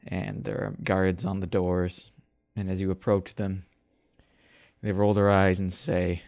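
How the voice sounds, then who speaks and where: A man runs a tabletop game with a low, gravelly voice. He narrates scenes in a measured, descriptive way. The sound is dry and close. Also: level tone, darkish tone, no room sound. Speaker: game master.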